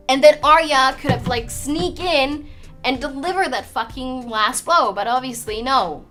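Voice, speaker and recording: A woman's voice: high voice, a little slow, a bit bright, soft background music. A woman who speaks English as a second language, ranting in a frustrated, swearing way full of fillers and restarts. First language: not English. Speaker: vlogger. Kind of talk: ranting while doing makeup.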